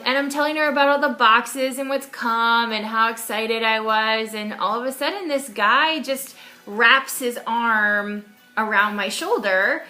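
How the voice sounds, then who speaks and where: A young woman casually recounting a personal story, animated, with frequent fillers and restarts. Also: a little high.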